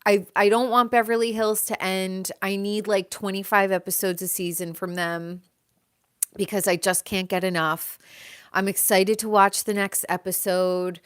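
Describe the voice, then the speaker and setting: A woman's voice: medium pitch, level tone, moderate pace, fairly bright tone, clean tone. A woman hosting a casual chat about reality TV, gushing and chatty, often laughing. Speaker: host.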